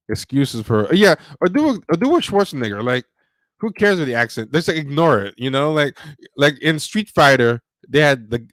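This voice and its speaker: A man hosting a casual livestream chat, rambling through his thoughts with frequent fillers and restarts. His voice sits at a middling pitch and the recording is dry and close. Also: a bit bright, no room sound. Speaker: podcast host. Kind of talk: casual livestream movie talk.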